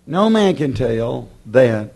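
A man preaching a sermon with passion, acting out his listeners' objections and swinging between loud declarations and hushed warnings. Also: mid-range voice, sing-song, slow, creaky, slightly rough. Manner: voices imagined objections from the congregation.

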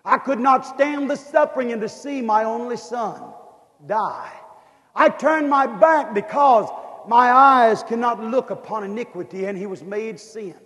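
A preacher voicing God the Father in a softer, lower, sorrowful tone. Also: unhurried, full character voice. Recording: long hall reverb.

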